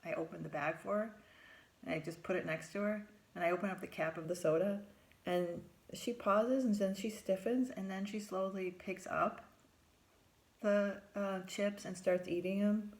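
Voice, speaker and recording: Gravelly-voiced woman telling a personal story. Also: steady tone, moderate pace. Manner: acts out her own dialogue in a higher voice, drops to whispers for inner thoughts. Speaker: therapist.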